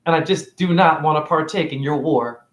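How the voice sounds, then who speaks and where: Preachy man ranting in an echoey room. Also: moderate pace. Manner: preachy and confrontational, with rhetorical questions and big pitch swings. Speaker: spiritual vlogger and store cashier. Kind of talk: rambling livestream monologue.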